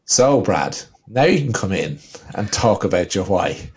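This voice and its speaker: A man's voice: low-pitched, very animated, measured pace, vocal fry, breathy edge. A man with an Irish accent, co-hosting a casual business podcast and telling stories with lots of "you know". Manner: storytelling, leans on "you know". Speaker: podcast co-host.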